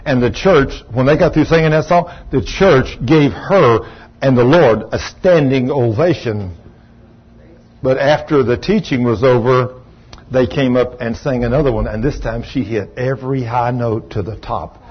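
A man's voice: medium pitch, unhurried, breathy edge. A pastor in his sixties preaching a sermon, telling folksy, joking stories about his marriage. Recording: dull lo-fi recording.

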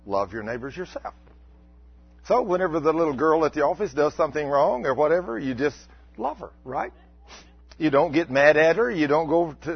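A man, preaching a folksy, animated sermon. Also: fairly high pitch, breathy edge, no echo. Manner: folksy, animated, acts out mock complaints. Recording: dull lo-fi recording.

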